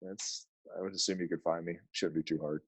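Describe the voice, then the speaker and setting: Chatty guest guy, low voice, dry close sound, laughs and restarts a lot. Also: brisk, husky, no echo. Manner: animated, laughs often, restarts. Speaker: podcast guest. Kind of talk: casual chat.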